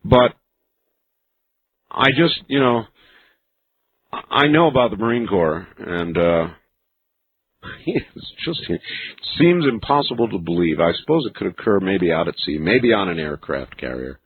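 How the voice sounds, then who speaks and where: A man hosting a late-night call-in radio show, musing slowly with many fillers. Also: deep voice, animated. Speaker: radio talk show host. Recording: narrow phone-like radio broadcast with faint hiss.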